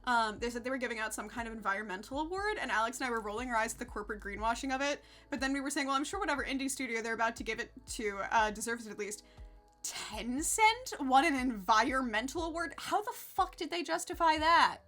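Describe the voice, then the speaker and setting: A woman's voice: on the high side, expressive, fast talker, fairly bright tone, soft background music. A woman streaming live, chatting casually to her viewers, sarcastic, laughing often and swearing freely. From United States.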